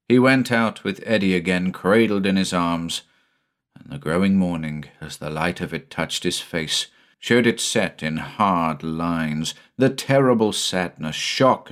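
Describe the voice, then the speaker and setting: Deep-voiced, somber male narrator. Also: animated, a little slow. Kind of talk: audiobook narration.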